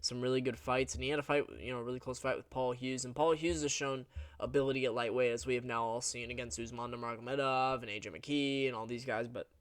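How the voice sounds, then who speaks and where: A man's voice: medium pitch, fairly even intonation, fast, smooth, dry recording. A young man giving a casual, rambling fight recap, blunt and crude, with many fillers and restarts. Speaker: MMA recap host. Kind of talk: casual commentary.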